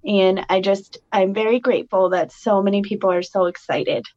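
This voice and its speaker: A woman co-hosting a podcast in casual, giggly chat, halting with fillers. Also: medium pitch, steady tone, darkish tone. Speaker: podcast co-host. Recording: dull lo-fi audio.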